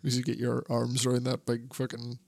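A man's voice: medium pitch, monotone, a little fast, vocal fry, darkish tone, dry recording. Sweary man, dry close mic. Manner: sweary, rambling, laughs often. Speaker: podcast co-host. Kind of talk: casual wrestling chat.

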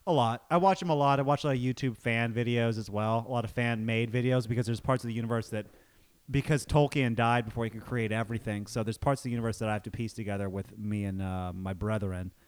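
Male podcast co-host, rapid-fire delivery, playful mocking banter. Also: mid-range voice, fairly even intonation, clean tone. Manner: fast, joking, playfully mocking. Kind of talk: casual comedy podcast banter.

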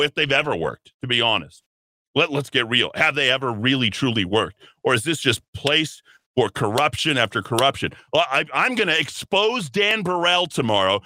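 Male talk radio host, high bright voice, dry close sound, combative and mocking monologue. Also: dry recording.

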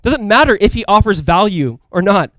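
A man preaching a sermon as a pastor in a casual, conversational and animated way, full of asides to the congregation. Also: sits high, normal speed, dry recording. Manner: animated, emphatic delivery.

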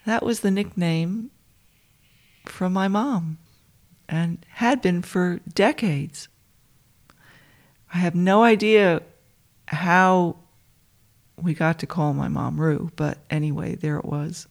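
A woman telling a personal story to listeners she calls dear friends, in a soft, intimate way that often drops to a whisper. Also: lowish voice, slow pace, gravelly, long pauses.

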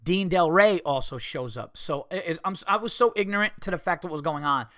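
A man's voice: fairly high pitch, lively intonation, a little fast, bright, forceful tone, dry recording, studio quality. A man hosting a podcast, telling a story casually and animatedly, swearing, acting out what people said and making sound effects. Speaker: podcast host and comedian.

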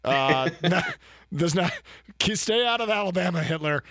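A man's voice: high voice, expressive, normal speed, fairly bright tone, no room sound, studio quality. A man, co-hosting a casual sports talk show, joking and trash-talking. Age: 30s. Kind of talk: casual chat.

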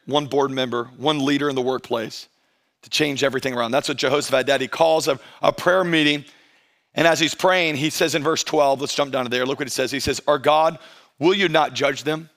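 Preaching in a conversational style, a middle-aged pastor with a fairly high, slightly bright voice draws key phrases out slowly to emphasize them. He also acts out the voices of churchgoers.

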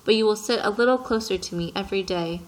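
A woman voicing a wise, patient male fox in a storybook, reading in a gentle, earnest way. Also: medium pitch, fast, lightly acted, rough recording.

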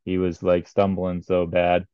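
A man's voice: low voice, monotone, measured pace, smooth, no echo, muffled recording. A man recounting a race in casual podcast chat, rambling with many ums and uhs.

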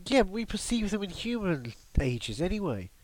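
A man's voice: sits high, sing-song, normal speed, darkish tone, no echo. A man hosting a casual comedy podcast, riffing in a jokey, mock-serious way.

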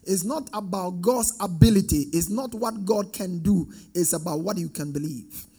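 A man's voice: sits high, normal speed, mellow, husky, soft background music. A man preaching a sermon with call-and-response, rising into sing-song emphatic swells.

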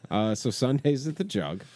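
A man in casual chat, making dry joking asides that often drop low and quiet. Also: dry recording.

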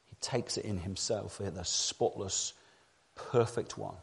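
A man's voice: takes it slowly, creaky. Man preaching with dramatic swings in volume. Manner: dramatic, swinging from hushed low passages to loud emphatic peaks; repeats key phrases for emphasis. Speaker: pastor. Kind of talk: sermon. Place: church.

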